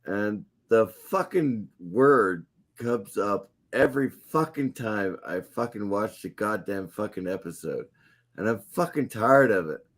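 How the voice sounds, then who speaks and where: A man's voice: on the low side, lively intonation, measured pace. Swearing, rambling man in casual chat. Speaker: podcast host. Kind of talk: casual late-night chat.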